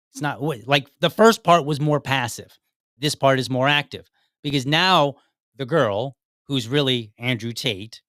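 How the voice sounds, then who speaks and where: A man's voice: mid-range voice, a bit bright, no echo, clean studio sound. A man hosting a podcast, giving direct, argumentative commentary and often repeating himself as he builds a point. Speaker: podcast host. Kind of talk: commentary on a played clip.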